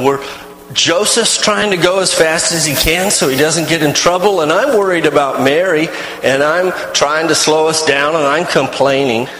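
A man's voice: a little high, a bit bright, reverberant, in a large hall, slight background noise, rough recording. A man telling a first-person story in character, rambling and folksy, with many restarts.

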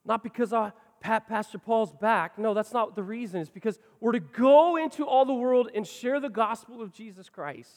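A man preaching a sermon as pastor, swinging between loud passionate lines and quiet ones. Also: high-pitched, moderate pace, hardly any pauses, in a large hall.

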